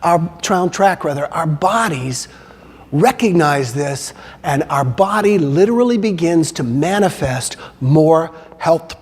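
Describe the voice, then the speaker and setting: A man's voice: on the high side, slightly rough. A man giving a keynote talk, telling a story and acting out the quoted voices. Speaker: motivational speaker. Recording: long hall reverb.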